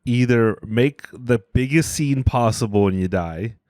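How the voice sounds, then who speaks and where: A man co-hosting a podcast, making dark jokes in a deadpan casual chat. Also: medium pitch, unhurried, dry recording, studio quality. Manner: deadpan, darkly joking. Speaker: podcast co-host.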